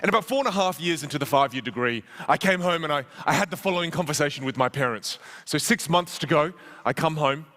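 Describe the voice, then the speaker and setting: A man in his thirties giving a keynote on a conference stage, telling a comic story in an animated, self-mocking way with quick restarts. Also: a little high. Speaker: keynote speaker.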